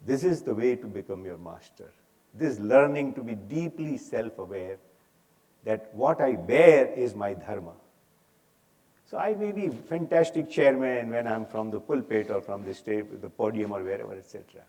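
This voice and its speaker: A man's voice: medium pitch, lively intonation, moderate pace, warm tone. An older man with an Indian English accent addresses a conference audience. He talks in an emphatic, preaching manner. His force rises and drops as he drives points home. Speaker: speaker. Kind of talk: inspirational talk on stage. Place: conference hall.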